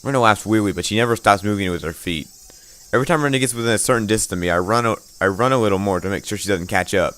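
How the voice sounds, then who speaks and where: A man's voice: lowish voice, rapid-fire, a bit bright. A man narrating a let's play, reading the game's text dramatically with occasional stumbles and wry asides.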